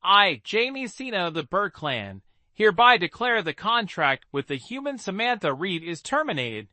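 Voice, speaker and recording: Dude doing a proud little blue spirit bird, kinda high, bright voice. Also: male voice, big pitch swings, moderate pace, no echo, full character voice. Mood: indignant.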